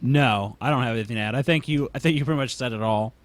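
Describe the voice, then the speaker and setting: Laid-back, wry podcast co-host. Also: male voice, medium pitch, fast talker. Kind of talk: casual podcast chat.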